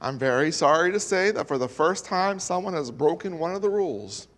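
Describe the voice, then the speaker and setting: A man voicing a firm but fair old-time schoolteacher who speaks in measured tones. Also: fairly high pitch, lively intonation, a bit bright. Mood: stern. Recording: long hall reverb.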